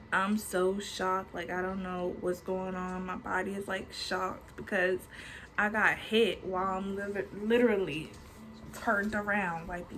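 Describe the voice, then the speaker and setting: A woman's voice: fairly low pitch, rough recording. A woman in her twenties telling a personal story to her vlog audience in a chatty way, swearing freely and filling her talk with "like". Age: 20s. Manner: chatty, swears freely, many filler likes. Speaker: storytime vlogger. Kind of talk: casual storytelling.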